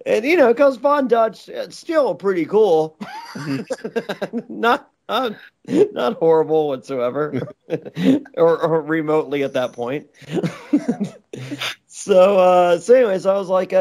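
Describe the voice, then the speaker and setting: A man's voice: sits high, takes it slowly, pauses often, darkish tone. A man guest telling a rambling, crude story, stammering and laughing often. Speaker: interview guest. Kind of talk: casual storytelling with crude jokes. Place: Los Angeles.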